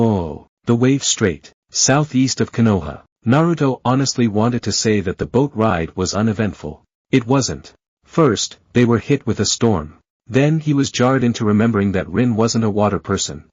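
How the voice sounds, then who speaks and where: A man narrating a fan fiction story in a steady storytelling manner. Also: on the low side, breathy edge, no echo. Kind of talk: reading fan fiction aloud. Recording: dull lo-fi, dry close sound.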